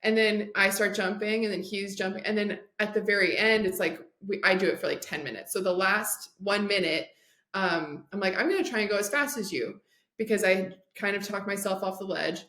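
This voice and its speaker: Her mid-range voice stays steady in tone, moderate in pace, and sounds pushed and bright against the echo of the room. As a recovery and addiction coach appearing on a podcast, she chats through a story, voicing the characters and scattering "like" throughout.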